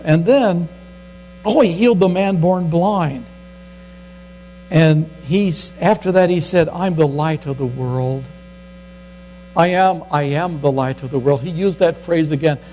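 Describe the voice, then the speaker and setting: An older man delivers a sermon in a high, folksy voice and acts out the scripture quotes. A faint mains hum runs under the recording. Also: a little mellow, poor audio. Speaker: pastor.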